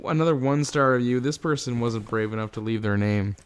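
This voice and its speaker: A man's voice: medium pitch, quick pace, clear, resonant tone. A man co-hosting a casual podcast, playful and jokey as he reads reviews aloud. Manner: playful, jokey, slips into silly voices. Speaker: podcast co-host.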